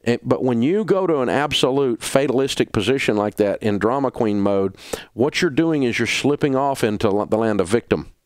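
A Southern-accented radio host ranting with blunt, preachy conviction. His pitch jumps around a lot, and his voice sits dry and close to the studio mic. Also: animated, normal speed, no echo. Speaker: radio talk show host. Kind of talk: passionate on-air advice rant.

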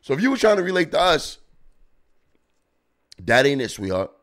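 A man's voice: fairly high pitch, very animated, moderate pace, fairly bright tone. A man hosting a podcast, giving blunt, profane comedic commentary as he reacts to videos. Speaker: podcast host.

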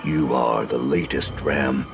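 A man's voice: deep voice, measured pace, music in the background. A man voicing a zealous middle-aged religious killer who solemnly preaches scripture in an audio drama. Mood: menacing.

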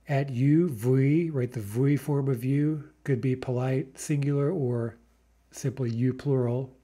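A man's voice: medium pitch, dark tone, husky. A man teaching a recorded language lesson, explaining patiently and often checking in with "right?".

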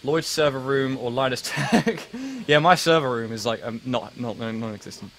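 A man's voice: medium pitch, moderate pace, fairly bright tone, rough recording. A young man in his late teens with an English accent hosts a casual live stream. He rambles and pokes fun at himself, stumbling over restarts in a mid-range voice. A faint hiss of noise sits under the recording. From England. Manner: rambling and self-mocking, full of fillers and restarts. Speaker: livestream host. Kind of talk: casual live-stream chat, answering viewers.

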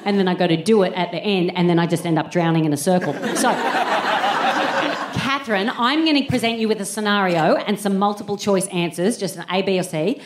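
A woman's voice: mid-range voice, a little fast. A woman performing live stand-up comedy as co-host, brash, sweary and self-mocking. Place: large arts-centre venue with a live audience. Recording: roomy live stage with audience noise.

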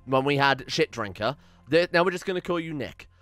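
A man's voice: a little high, lively intonation, fairly quick, fairly bright tone, dry recording. A man giving rambling, swearing let's-play commentary on a strategy game and reading out its event text with drama. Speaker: gaming channel host.

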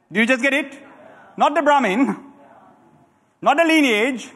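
A middle-aged man preaching a sermon as a pastor, animated and calling on the congregation to answer back. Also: very high-pitched, unhurried, pauses often. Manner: animated preaching with audience call-and-response. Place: church hall. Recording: church hall with long reverb.

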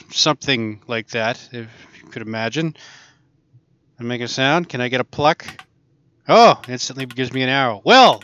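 A man's voice: fairly high pitch, fairly bright tone, dull audio. Chatty man narrating VR play. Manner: chatty, amused, talking to himself as he plays. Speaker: gaming channel host. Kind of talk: casual VR gameplay commentary.

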